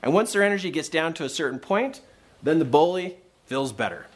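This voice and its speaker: Animated, lively man giving motivational advice. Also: a little high, fairly quick. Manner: animated storyteller acting out quoted voices. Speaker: podcast host and coach. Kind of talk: motivational talk. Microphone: podcast microphone.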